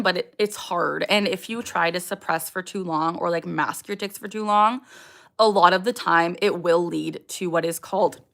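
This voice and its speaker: A young woman hosts a casual livestream, answering viewer questions candidly. Her voice is fairly low, gravelly, pushed and bright. She says um often and breaks into sudden vocal tics.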